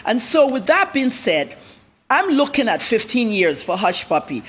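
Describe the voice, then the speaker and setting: A woman's voice: on the high side, big pitch swings, moderate pace, slight background noise. A woman journalist, a guest in a TV news interview, telling her story bluntly and with animation.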